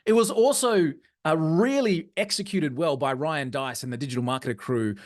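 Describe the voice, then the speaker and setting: A man presenting a live online training session, energetic and often checking in with his audience. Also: on the high side, normal speed. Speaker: webinar presenter.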